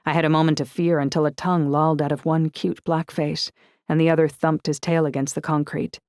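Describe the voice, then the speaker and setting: A woman narrating an audiobook in the first person, steady and descriptive. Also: deep voice, brisk, no echo, studio quality.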